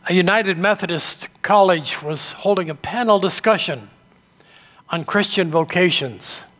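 An older man from New England delivers a sermon, moving from story to story in a measured, earnest manner. His voice sits fairly high for a man. It carries a long reverb from a large hall. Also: sharp tone. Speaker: pastor.

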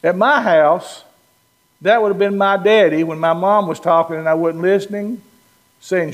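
Man, preacher, playful sermon, high voice, long church reverb. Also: takes it slowly. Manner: animated, playful, acts out Bible quotes. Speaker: pastor.

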